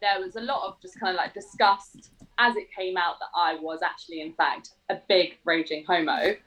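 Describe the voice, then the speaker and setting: A woman's voice: fairly low pitch, fairly even intonation, moderate pace, fairly bright tone, poor audio. A young woman with an English accent frankly telling a personal story, swearing freely and peppering her talk with "like".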